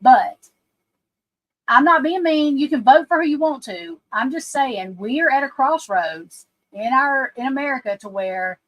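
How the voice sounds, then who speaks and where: A woman's voice: sits high, lively intonation, a little slow, dull audio. A woman psychic card reader talking casually on a livestream, rambling and emphatic, speaking straight to her listeners.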